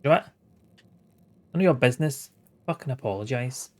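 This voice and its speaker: A man in his late thirties plays through a story game on stream, reading the characters' lines aloud between wry, sweary asides. His voice sits at a middle pitch, and he keeps things casual with the odd chuckle. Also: lively intonation, brisk. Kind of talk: casual let's-play commentary, reading game dialogue aloud.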